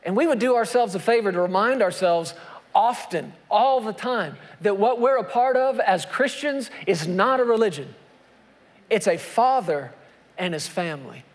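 High-voiced man preaching in a hall. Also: animated, normal speed. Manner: repetitive, emphatic preaching with scripture reading. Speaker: pastor. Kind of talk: sermon. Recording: long reverb of a large hall.

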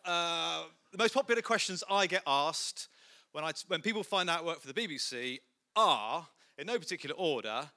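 A man's voice: on the high side, pushed and bright, clear, resonant tone. A man giving a humorous, self-deprecating talk to a church audience, full of jokey asides. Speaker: guest speaker.

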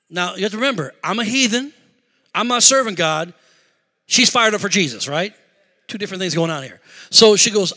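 A man preaching a sermon through a personal story, animated, shouting at the high points and dropping low for asides, in a large hall. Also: normal speed. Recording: echoey hall reverb.

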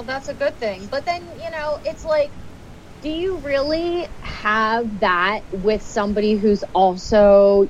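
A woman's voice: medium pitch, darkish tone, lo-fi sound, a little hiss or hum. A woman co-hosting a podcast, cutting in with dry, teasing remarks in a casual chat. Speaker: podcast co-host.

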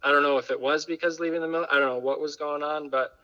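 A man's voice: a little high, fairly even intonation, fast, sharp tone, muffled recording. A man chatting candidly as a podcast guest, rambling and full of fillers. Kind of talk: casual chat.

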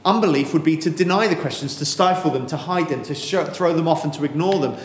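Man, sermon, earnest, emphatic, dramatic pauses, reverberant room, faint background hum. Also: on the high side. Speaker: pastor. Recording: echoey hall with faint ambience.

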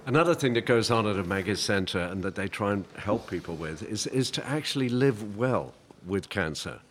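A man hosting a panel discussion, introducing guests and topics calmly. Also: lowish voice, normal speed, slight background noise. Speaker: radio host moderating a panel. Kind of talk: moderating a discussion.

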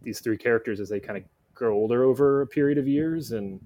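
A man's voice: medium pitch, quick pace, warm tone. A man speaking as a guest film critic in a casual podcast conversation, rambling with lots of "like" fillers.

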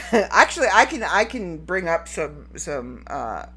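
A woman's voice: fairly low pitch, very animated, slow, fairly bright tone, breathy edge. A woman hosting a solo podcast in a rambling, giggly, casual way. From Canada. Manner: rambling and giggly, breaks into fits of laughter. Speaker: podcast host.

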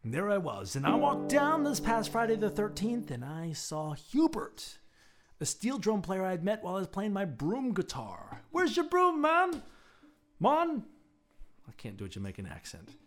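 A man hosting a show, telling a personal street-music story in a relaxed, reflective way. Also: high voice, moderate pace. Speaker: podcast host and street musician. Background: plucked guitar music.

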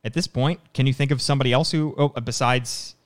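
A man co-hosting a casual sports podcast, talking briskly with frequent restarts. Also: medium pitch, fairly even intonation. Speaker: podcast co-host.

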